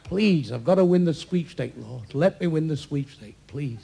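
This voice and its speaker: Brief: man playing a desperate, foul-mouthed gambler pleading with God; gravelly voice, noisy live room. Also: on the high side, lively intonation, normal speed, mellow. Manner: pleading, crude and exasperated.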